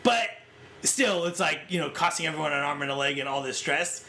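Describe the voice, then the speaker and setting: On a laid-back movie-discussion podcast, this co-host speaks fairly quickly in a voice on the high side. He gets animated, performing scenes as quoted lines.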